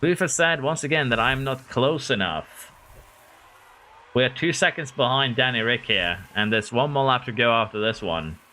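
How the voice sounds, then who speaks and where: Male streamer, excitable live commentary, bright tone. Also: medium pitch, normal speed. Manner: excitable, talks to drivers and chat. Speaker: gaming streamer.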